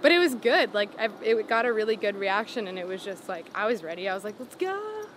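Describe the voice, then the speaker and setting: A singer-songwriter guest from Los Angeles, in her twenties, talks fast in a mid-range voice while telling a story in a casual interview. She's out on a city sidewalk with street noise behind her, chatty, laughing often, and saying "like" a lot.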